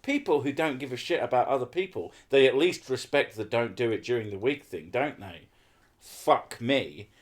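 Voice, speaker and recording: A man hosting a podcast, talking at an ordinary middle pitch. He rants and swears freely, with plenty of sarcasm, in a loose and casual chat. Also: expressive, normal speed. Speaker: podcast host.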